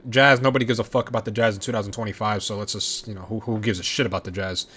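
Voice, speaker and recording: A man vlogging his reaction to sports trades, talking casually with excitable, profane rants and frequent restarts. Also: on the low side, rapid-fire, a little hiss or hum.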